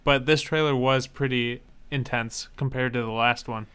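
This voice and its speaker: A man co-hosting a casual podcast about trailers, speaking in an even, matter-of-fact way. His voice is bright and smooth, and he gives his opinions plainly and dryly. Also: mid-range voice, moderate pace. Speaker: podcast co-host. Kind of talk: casual trailer-review chat.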